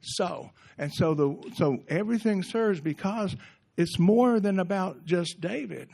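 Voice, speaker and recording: Man speaking at a recovery workshop, gentle, reflective, middle-aged, a bit high-voiced, conversational. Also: measured pace, gravelly.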